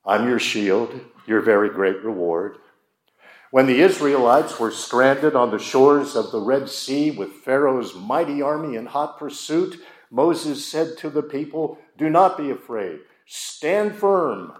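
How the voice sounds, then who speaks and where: A man's voice: mid-range voice, lively intonation, unhurried. A man preaching a sermon, speaking emphatically and asking his listeners rhetorical questions. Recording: roomy echo.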